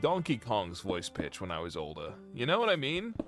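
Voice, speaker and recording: A man's voice: lowish voice, wildly swooping pitch, moderate pace, music in the background. A young man live-streaming from home, chatting casually with his viewers, rambling and joking as he reads their comments.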